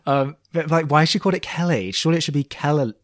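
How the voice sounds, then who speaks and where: A man's voice: on the high side, racing, dry recording, clean studio sound. Giggly, teasing young man co-host. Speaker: podcast co-host. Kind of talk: casual chat.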